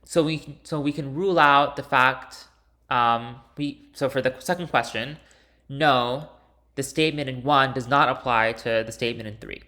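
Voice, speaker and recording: Male instructor, bright mid-pitched voice, methodical walkthrough with casual fillers. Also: normal speed. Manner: explains step by step, with fillers and restarts. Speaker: linguistics instructor. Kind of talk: recorded lecture walkthrough.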